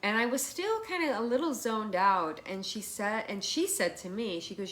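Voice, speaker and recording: A woman, a massage therapist, telling a personal story as a podcast guest in a chatty, animated way, with many fillers and restarts. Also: medium pitch, normal speed, few pauses.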